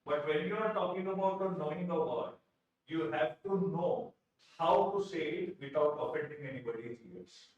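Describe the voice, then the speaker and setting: A man's voice: fairly high pitch, moderate pace, lo-fi sound. A man with an Indian English accent teaching vocabulary in a live exam-prep lecture, repeating key phrases and asking questions to answer them himself. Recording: very echoey room, distant from mic.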